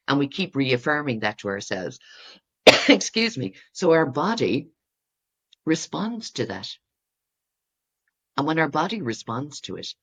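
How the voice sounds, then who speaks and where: A woman with a bass voice speaks as a therapist guest in a reflective coaching manner. She acts out inner voices and rises to excited peaks.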